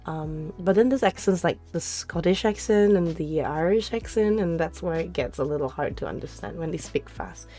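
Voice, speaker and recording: A woman's voice: fairly low pitch, normal speed, few pauses, dark tone. A woman streamer chatting casually with her live chat, giggling often and answering questions as they come. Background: faint background music.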